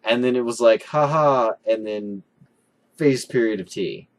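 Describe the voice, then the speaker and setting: A young man co-hosting, telling a funny story in a casual, excitable way, swearing often. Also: lowish voice, moderate pace. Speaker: co-host.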